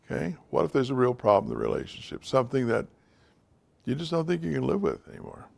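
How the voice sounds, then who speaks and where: A man's voice: mid-range voice, wildly swooping pitch, fast talker, gravelly. A man giving an informal, direct talk to a class of men, speaking to them plainly as guys and fellas. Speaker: teacher of a men's class.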